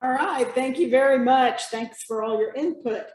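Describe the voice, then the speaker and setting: A woman hosting an online club meeting, introducing speakers in a measured way. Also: high-pitched, darkish tone, reverberant, rough recording. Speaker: meeting host.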